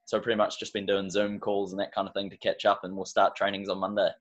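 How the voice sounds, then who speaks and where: Kiwi coach guy talking quick, lowish voice, kinda muffled line. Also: monotone. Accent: New Zealand. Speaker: basketball coach. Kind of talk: casual chat.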